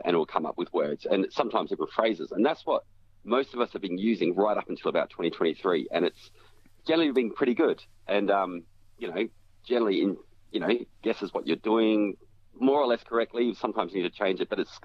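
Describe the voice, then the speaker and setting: On a radio show, a tech commentator walks through phone technology step by step, using frequent fillers and restarts. His voice sits low with a breathy edge, and the radio audio is dull and lo-fi with faint hiss.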